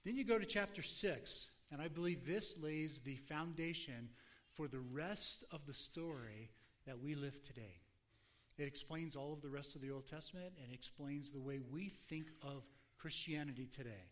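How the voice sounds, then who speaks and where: A pastor preaching a sermon in a relaxed, conversational teaching manner. His voice sits a little higher than most men's, and he slips into character voices when quoting scripture. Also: moderate pace. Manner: conversational teaching, acting out quotes.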